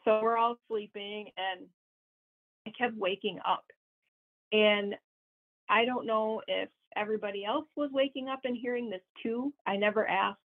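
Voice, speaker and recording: A woman's voice: mid-range voice, fairly even intonation, measured pace. A young woman from Wisconsin telling a story as a guest, chatty, laughing often and full of fillers. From Wisconsin, USA. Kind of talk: casual storytelling. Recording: tinny phone-like line.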